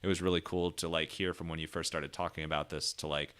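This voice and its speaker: A very low-pitched man hosts a podcast in casual conversation. He rambles cheerfully, laughing often and restarting his sentences with lots of "like" and "um.". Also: level tone, fast, a bit bright, smooth. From Ohio, United States. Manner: chatty, laughing, many fillers and restarts. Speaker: podcast host. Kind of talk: casual interview chat.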